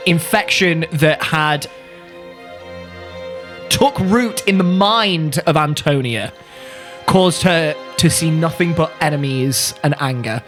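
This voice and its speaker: A man's voice: on the high side, a bit bright. Playful man hosting a game. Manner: playful, jokey. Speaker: game master and host. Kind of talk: hosting and narrating a tabletop game.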